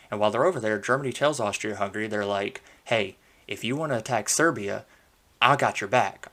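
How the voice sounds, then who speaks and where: A man hosting a podcast, telling history in a relaxed, conversational way with frequent fillers and playful asides. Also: mid-range voice. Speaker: podcast host. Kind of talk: casual history storytelling.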